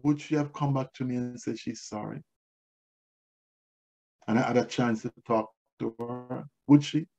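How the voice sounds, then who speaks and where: A man's voice: mid-range voice, fairly even intonation, a little slow, vocal fry, long pauses, a little mellow, dull audio. A male pastor delivering a sermon, moving from storytelling to emphatic preaching.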